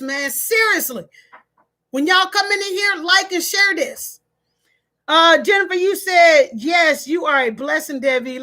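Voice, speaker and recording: A woman's voice: very high voice, pushed and bright. A middle-aged woman, talking to her viewers like a preacher, emphatic and plain-spoken. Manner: preachy, emphatic, in Black American vernacular. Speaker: online talk host. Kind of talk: live-stream motivational talk.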